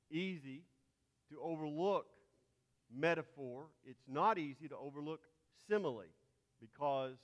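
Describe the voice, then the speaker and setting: A man's voice: a little high, a bit bright. A man with a Texas accent teaching a Bible class, spelling out terms letter by letter as he lectures. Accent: Texan. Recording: long hall reverb.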